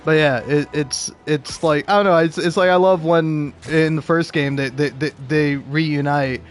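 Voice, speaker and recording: A young man rambles through casual game talk, his voice sitting a little higher than most. He laughs often and strings thoughts together with fillers, with soft music faint underneath. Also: steady tone, measured pace. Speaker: video game commentator.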